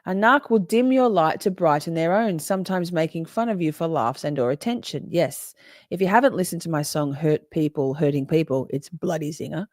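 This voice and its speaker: A woman's voice: deep voice, fairly quick, darkish tone, no room sound, studio quality. A woman hosting a casual live stream, reading viewers' comments aloud, swearing freely and laughing often. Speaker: livestream host reading chat.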